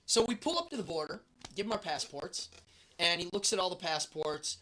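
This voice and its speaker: A man hosting a show, telling a travel story in a lively, animated way and acting out the voices of the people in it. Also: sits high, a little fast, a little hiss or hum. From United States. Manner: lively storyteller, acts out the guards' and his own lines. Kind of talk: animated anecdote.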